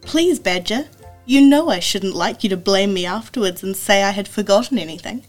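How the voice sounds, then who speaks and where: A woman's voice: mid-range voice, normal speed, soft background music, lightly acted. A woman voicing a fussy, earnest male water rat in a storybook reading, with a pleading, raised voice.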